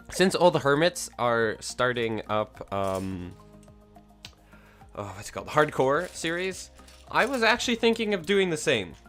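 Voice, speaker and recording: A man's voice: medium pitch, fairly bright tone. A man hosting a casual livestream, rambling with lots of fillers and self-corrections from a somewhat echoey room at home. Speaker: livestream host.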